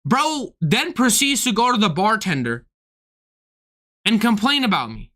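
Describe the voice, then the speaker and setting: A man's voice: high voice, measured pace, pauses often. A young man streaming, telling a story in a casual, profane, incredulous way and acting out both sides. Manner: animated, profane, incredulous retelling. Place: home streaming setup.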